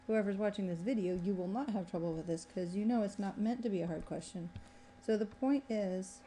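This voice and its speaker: Mellow-voiced woman talking through a math problem. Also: medium pitch, vocal fry, slight background noise. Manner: thinking aloud, self-correcting, pointing at a graph. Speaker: math professor. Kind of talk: recorded exam review lecture.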